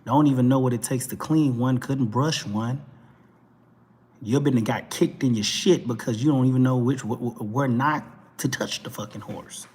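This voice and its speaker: A man with a Texas twang delivers a fired-up talk-show monologue, blunt and full of swearing, driving each point home again and again. His voice sits in a middle register with a husky, slightly rough grain. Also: mid-range voice, normal speed, darkish tone. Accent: Texan twang. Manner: blunt, emphatic, profane, repeats points. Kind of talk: ranting commentary monologue.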